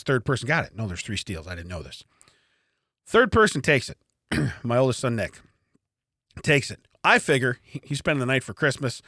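Guy on a podcast going on w/ a funny story, bright lively voice, dry studio sound. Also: mid-range voice, dry recording. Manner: animated storytelling, acting out quotes and laughing often. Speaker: podcast co-host. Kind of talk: casual chat.

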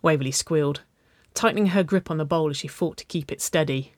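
A woman narrating a children's-style story, reading aloud with a gentle, even delivery. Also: low voice, brisk, no echo, clean studio sound.

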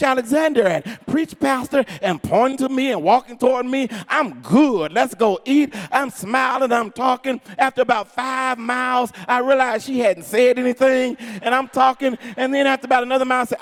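High-voiced pastor preaching to a congregation. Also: male voice. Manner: preacherly, swings between shouts and low asides, storytelling. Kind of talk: sermon. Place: church sanctuary with congregation.

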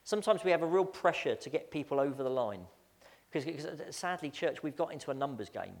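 A man's voice: a little high, animated, a little fast. A man preaching a storytelling sermon as pastor, chatty and self-mocking, often stammering out repeated words. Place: church sanctuary. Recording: long church-hall reverb.

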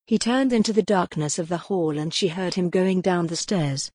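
A woman narrating a gothic novel in an even, steady storytelling voice. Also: lowish voice, moderate pace, husky, no room sound, clean studio sound. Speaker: audiobook narrator.

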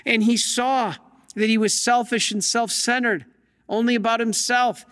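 A man's voice: very high-pitched, fairly even intonation, unhurried, fairly bright tone. A man, a Catholic priest, giving a sermon with emphatic storytelling and rhetorical questions. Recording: long hall reverb.

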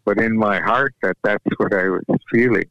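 A man whose first language is Yup'ik, telling a personal story in an unhurried, halting way, often restarting his sentences. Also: fairly low pitch, dry recording. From Alaska. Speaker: guest sharing a personal story. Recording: dull lo-fi dry recording.

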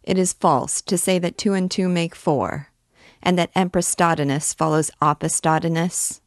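A woman voices a sharp-tongued physician who mocks his rival. The voice is low and scornful. The recording is dry. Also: fairly even intonation, a little slow, no room sound. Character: irritable male royal physician.

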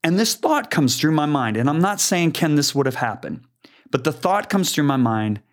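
A man's voice: a little high, moderate pace. Earnest older man telling a story. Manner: animated, earnest, full of restarts and emphasis. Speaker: guest preacher. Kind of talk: storytelling in a conversation.

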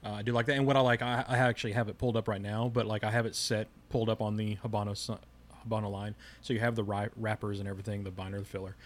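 A man hosting a casual podcast, relaxed and friendly, asking his guest questions. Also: lowish voice, very fast. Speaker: podcast host.

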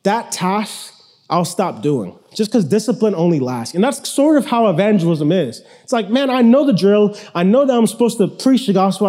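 A man's voice: high voice, warm tone. A young man preaching a sermon in a casual, conversational way, often restarting his sentences.

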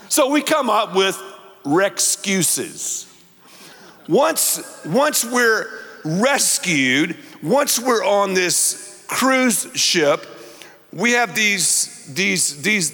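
A man's voice: high-pitched, big pitch swings, very slow, bright, forceful tone. A middle-aged man preaching a sermon as a pastor, emphatic and repeating words for effect. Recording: long hall reverb.

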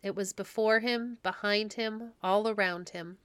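A woman hosting a storytelling podcast, reading classic stories aloud in a gentle, measured way. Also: mid-range voice, fairly even intonation, clear, resonant tone, no room sound. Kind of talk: storybook read-aloud narration.

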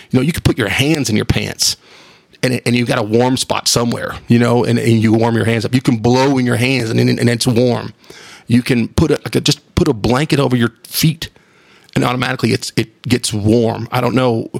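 Man, gravelly creaky voice, dry close sound, rambling, enthusiastic, casual cussing. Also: mid-range voice, no echo. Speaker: podcast host. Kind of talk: casual solo monologue.

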